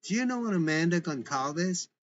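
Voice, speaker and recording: A man's voice: on the high side, lively intonation, normal speed, lo-fi sound, slight background noise, pitched above the performer's own voice, close to an everyday voice. A man voicing a stern, officious male federal agent who speaks curtly. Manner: curt, officious.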